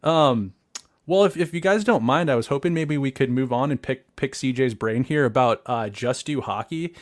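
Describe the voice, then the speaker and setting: A man's voice: mid-range voice, moderate pace, dry recording. A man with a mid-range voice hosts a casual interview, recorded dry with almost no room sound. He feels his way through his questions, stopping often on "uh" and "um". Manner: hesitant, many "uh" and "um" fillers. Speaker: podcast host.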